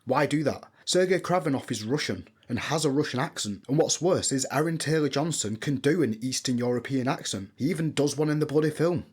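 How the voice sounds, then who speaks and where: A man's voice: mid-range voice, fairly quick, hardly any pauses, slightly rough. A man reading a scripted film review in a blunt, opinionated way that includes swearing.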